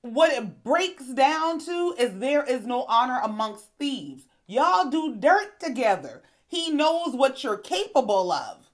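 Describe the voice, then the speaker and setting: A woman hosting a casual reality TV recap, telling the story in a sassy, animated way and acting out the quotes. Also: high-pitched, slow, few pauses. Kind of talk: casual commentary.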